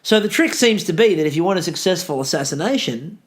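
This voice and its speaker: A man chats loosely on a history podcast. His voice sits a little high, and he jokes with dry sarcasm. He often restarts his sentences as he talks. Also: expressive, fast. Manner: sarcastic, joking, rambling with restarts. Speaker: podcast co-host, history teacher. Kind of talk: casual history podcast chat.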